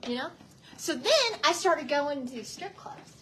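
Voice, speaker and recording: Southern woman in her fifties, testimony speaker; very high, bright voice that swings up and down, chatty with the crowd, laughs a lot. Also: a little slow, slight background noise. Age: 50s. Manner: lively, laughs often, talks straight to the crowd. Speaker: guest speaker giving a testimony. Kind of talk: storytelling testimony to a church crowd.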